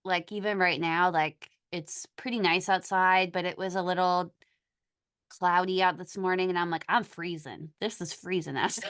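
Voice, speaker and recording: A woman hosts a podcast in relaxed, casual conversation. Her voice is fairly low and clean, with a smooth resonance. She talks in a halting way, often stopping and restarting her thoughts. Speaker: podcast host.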